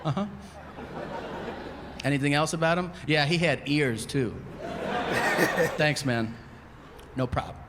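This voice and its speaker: A man doing stand-up comedy, telling stories in an animated, profane way. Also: a little high, a little slow, long pauses, in a large hall, a loud crowd, very noisy.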